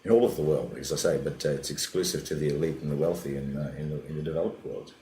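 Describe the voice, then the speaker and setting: Male comic, deep, quick, rambling; echoey room recording. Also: slight background noise. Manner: rambling, animated anecdotes with quoted voices. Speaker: comedian guest. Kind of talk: casual podcast chat, storytelling. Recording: roomy echo, faint background ambience.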